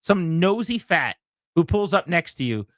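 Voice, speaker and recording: A radio host telling a story with a bright, lively voice that climbs high whenever he acts out what people said. He chats casually and plays every part himself. The sound is dry and close. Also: unhurried, no echo.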